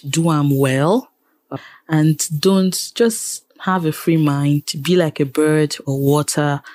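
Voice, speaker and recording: Frank Nigerian woman with a low voice. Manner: frank, exasperated, animated when ranting. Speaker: radio producer and presenter, guest. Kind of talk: interview.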